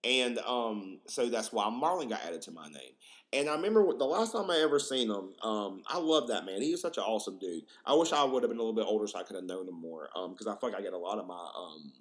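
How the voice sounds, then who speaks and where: A man's voice: fairly low pitch, lively intonation, quick pace. A young man hosting a podcast, telling stories in a rambling, slangy way with lots of fillers and crude jokes. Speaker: podcast host. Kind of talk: casual storytelling monologue.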